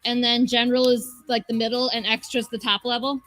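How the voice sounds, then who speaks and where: Bright-voiced woman hosting a chat. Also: fairly high pitch, level tone, fairly quick, dry recording, low-quality recording. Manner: chatty, reads viewer comments aloud. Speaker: host. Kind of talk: casual panel chat, reading comments.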